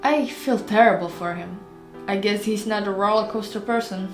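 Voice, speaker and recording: A woman's voice: medium pitch, moderate pace, natural voice. Woman doing a fretful head waitress. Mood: rueful. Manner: anxious. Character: worried female head waitress. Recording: roomy with faint music.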